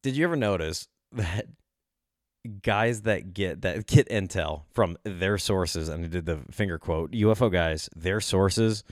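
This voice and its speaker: A man's voice: low voice, unhurried, no echo, studio quality. Profane, rambling male podcast host. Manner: profane, rambling, laughing often. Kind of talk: casual comedic rant.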